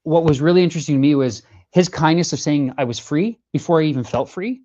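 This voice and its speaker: A man's voice: fairly high pitch, lively intonation, fast, dark tone, dull audio. A man, a singer-songwriter guest in a casual interview, telling his story earnestly with lots of fillers and restarts.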